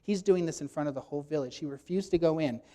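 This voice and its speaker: A man preaching a sermon, teaching emphatically and acting out quoted lines with sudden loud bursts. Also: on the high side, fast talker.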